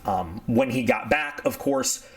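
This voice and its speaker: A man's voice: mid-range voice, measured pace. A man telling a history story in a loose, conversational way, wandering off on tangents and then pulling himself back. He restarts sentences often and brings the tale to life by acting out what people said. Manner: rambling, digressive, self-correcting; animated storyteller acting out quotes. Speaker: history channel host. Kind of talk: casual spoken history talk.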